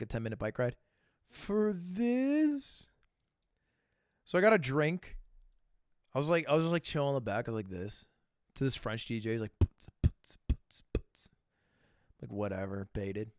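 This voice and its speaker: A young man telling stories casually to his live stream audience, animated and swearing, with loud bursts and mumbled asides. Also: mid-range voice, moderate pace, long pauses, clear, resonant tone, no room sound, clean studio sound.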